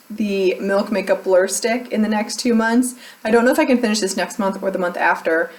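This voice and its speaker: A young adult woman talking casually as a beauty vlogger, chatty and self-deprecating, laughing often. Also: mid-range voice. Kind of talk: casual chat.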